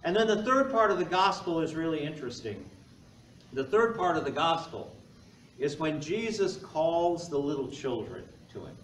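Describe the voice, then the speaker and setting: A male pastor delivers a conversational sermon, tossing in jokes and quick questions to the congregation. His voice sits a little high for a man. It rings around a large church from some distance off the mic. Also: sing-song, a bit bright, slight background noise. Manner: conversational, joking asides to the congregation. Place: church sanctuary. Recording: echoey church heard from afar.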